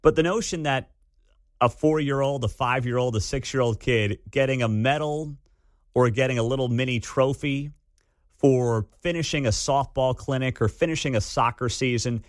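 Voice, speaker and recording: A man in his thirties hosting a talk radio show, telling a family story in a casual, animated way. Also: mid-range voice, moderate pace, no echo, clean studio sound. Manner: storytelling, animated when quoting his kids. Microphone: studio microphone.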